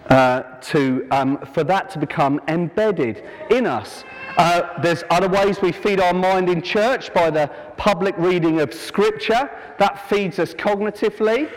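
A man preaching an informal sermon to a church congregation, chatty and self-deprecating, breaking into jokey asides. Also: fairly high pitch. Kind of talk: informal sermon with a sung action chorus. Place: church hall. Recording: long church hall reverb.

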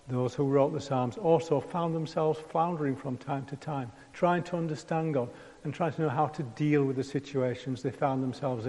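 A man's voice: mid-range voice, a little mellow. A man preaching a conversational sermon, acting out prayers in the first person. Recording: long hall reverb.

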